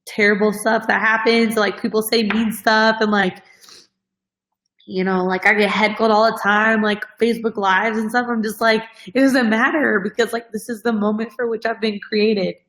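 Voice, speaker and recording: A woman host talks straight to her followers in a casual, heartfelt way. She is earnest and emotional, close to tears at moments, and her speech is full of fillers. Her pitch is in the middle range for a woman. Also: steady tone, normal speed, fairly bright tone, low-quality recording. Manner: earnest, heavy use of "like" as filler. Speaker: host of a fitness coaching show.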